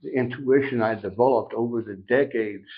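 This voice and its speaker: A middle-aged man on a podcast telling a personal recovery story, animated and acting out each side of the dialogue. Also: mid-range voice, moderate pace. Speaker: podcast guest. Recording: dull lo-fi sound.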